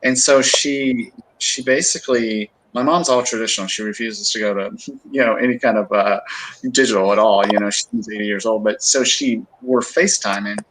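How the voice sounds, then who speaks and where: Middle-aged guest on a livestream, chatty storyteller, loose and rambling. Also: male voice, fairly low pitch, normal speed, a bit bright, a little hiss or hum, low-quality recording. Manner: rambling storyteller, many fillers and restarts. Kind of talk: casual livestream chat.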